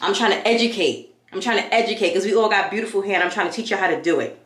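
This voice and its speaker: A woman's voice: medium pitch, rapid-fire, fairly bright tone, roomy sound. A young woman from New York chatting casually as a vlogger while she does her hair, hyped and full of tangents. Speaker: beauty vlogger.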